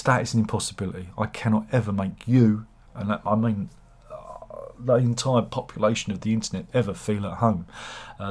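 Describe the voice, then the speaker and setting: A man talks to camera with a husky, slightly low voice. He rambles in a sardonic, self-mocking way and often stops to restart his sentences. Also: a little mellow. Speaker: YouTuber.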